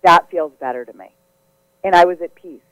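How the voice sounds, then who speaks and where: A woman's voice: fairly low pitch, fairly quick, fairly bright tone, dry recording, rough recording. A woman giving psychic readings as a guest on a live radio show, effusive, chatty and giggly.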